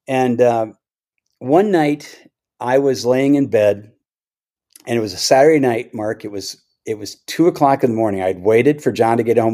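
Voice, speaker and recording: A man's voice: mid-range voice, a little mellow. A middle-aged man speaks on a podcast as a church elder. His delivery is earnest and emphatic, and he often circles back and repeats phrases as he tells the story. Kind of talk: podcast conversation, personal story.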